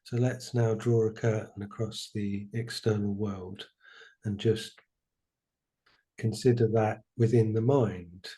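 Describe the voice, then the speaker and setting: A man's voice: lowish voice, steady tone, takes it slowly, dark tone. A man hosting a spiritual podcast, speaking thoughtfully and searching for his words as he explains ideas. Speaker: podcast host. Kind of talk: reflective spiritual conversation.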